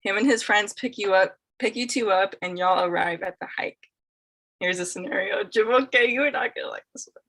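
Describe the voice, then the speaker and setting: Bright-voiced woman reading scenarios. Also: mid-range voice, fairly quick, vocal fry, rough recording. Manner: laughs often, stumbles over names. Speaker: host reading dating scenarios. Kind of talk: casual group chat, reading a scenario aloud.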